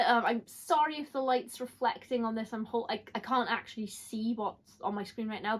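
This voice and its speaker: Chatty, apologetic woman vlogger. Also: sits high. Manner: chatty, apologetic, self-deprecating. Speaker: book vlogger. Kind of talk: casual unboxing chat.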